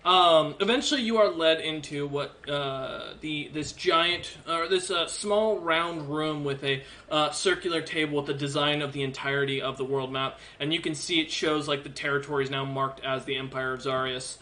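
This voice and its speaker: A man narrates a tabletop game in a loose, halting way, full of ums and restarts. His voice is bright and slightly high. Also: a little hiss or hum. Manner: casual, halting, many fillers. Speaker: game master.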